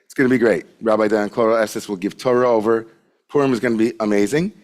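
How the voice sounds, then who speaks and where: A man's voice: lowish voice, fast, darkish tone. A man leading a Friday evening service, welcoming people and giving announcements in a chatty, joking way. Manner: chatty and joking, with many filler 'likes'. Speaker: service leader at a congregation. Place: sanctuary with a congregation present.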